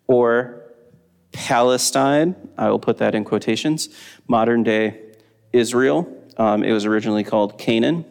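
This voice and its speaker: A man teaching a Bible study lesson, explaining in a relaxed way with frequent ums. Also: lowish voice, vocal fry, in a large hall.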